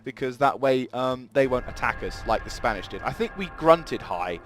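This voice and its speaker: Gaming host, bright voice, rambly think-aloud commentary over gameplay. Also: male voice, mid-range voice, animated, moderate pace, soft background music. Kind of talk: let's play commentary.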